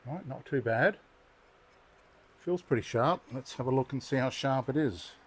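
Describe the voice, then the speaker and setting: A man's voice: mid-range voice, normal speed, husky. A man hosting a knife sharpening video, chatting casually and muttering to himself as he works. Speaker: knife sharpening channel host. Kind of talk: casual hands-on demonstration.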